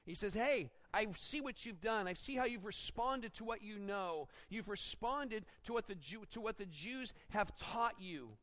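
Male pastor, higher voice, expository sermon with acted asides. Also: a little slow, few pauses. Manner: expository preaching with acted-out quotes; animated, rising when dramatizing.

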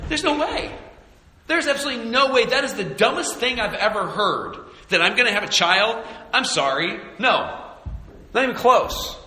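A man voicing an incredulous old woman who mocks a promise as ridiculous, in a sarcastic, high-pitched tone. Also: animated, normal speed, bright, forceful tone, roomy sound, long reverb tail, exaggerated voice. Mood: scoffing. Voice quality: mocking, sarcastic.

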